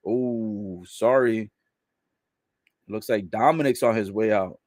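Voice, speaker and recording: Man recapping wrestling, reacting loudly. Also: fairly low pitch, slow, pauses often, no room sound, studio quality. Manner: relays quotes, laughs, reacts loudly. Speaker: live wrestling watch-along commentator. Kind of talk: casual play-by-play recap.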